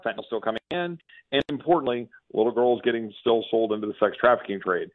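A man's voice: mid-range voice, no echo. A fiery, emphatic man from Texas calls in to a radio show, trips over his words and starts sentences again. His voice comes through a tinny, narrow phone line with no room sound at all. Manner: fiery, emphatic, many restarts. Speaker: congressman guest.

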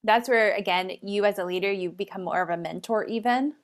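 A woman's voice: medium pitch, brisk. Enthusiastic, affirming woman host. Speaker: podcast host. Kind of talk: conversational interview.

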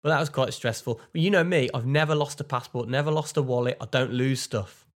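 A man's voice: mid-range voice, fairly quick. A young man co-hosting a podcast, telling an anecdote in casual chat and poking fun at himself. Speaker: podcast co-host.

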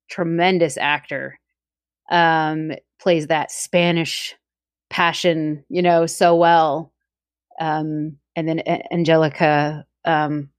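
Casting: low-voiced woman, lively casual podcast co-host, close dry mic. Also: no echo. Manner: animated, acts out quotes, many fillers. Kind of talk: casual chat.

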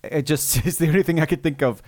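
A man's voice: on the high side, fast talker, darkish tone, no room sound, clean studio sound. Chatty laughing male podcast host. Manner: chatty, laughs often, restarts mid-sentence. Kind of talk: casual live podcast chat.

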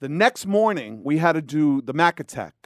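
A middle-aged man telling a story in casual chat, profane and animated. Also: a little high, normal speed, no room sound, clean studio sound. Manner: profane, animated, acts out voices.

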